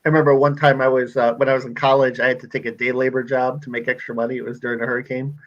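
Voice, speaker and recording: A man co-hosting a sports radio show, telling stories in a relaxed way with many fillers. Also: medium pitch, rapid-fire, muffled recording. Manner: relaxed storyteller, hesitant fillers. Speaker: co-host. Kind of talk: casual sports radio talk.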